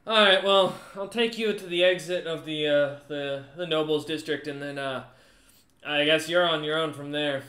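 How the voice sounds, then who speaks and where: A man's voice: a little high, normal speed, sharp tone, roomy sound. A man voicing a laid-back, joking guard captain in a tabletop game. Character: wry male guard captain, easygoing.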